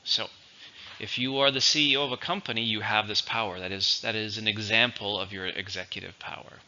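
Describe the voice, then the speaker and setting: A man teaching English vocabulary in a slow, patient, explanatory way. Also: fairly low pitch, fairly even intonation, pushed and bright. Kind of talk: vocabulary lesson. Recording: dull lo-fi recording.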